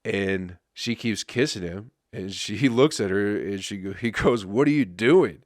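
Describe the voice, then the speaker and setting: A man's voice: lowish voice, measured pace, no room sound, clean studio sound. A man who is a comedian, telling rambling, profane stories on his podcast and laughing at them. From Flint, Michigan. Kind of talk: casual storytelling monologue.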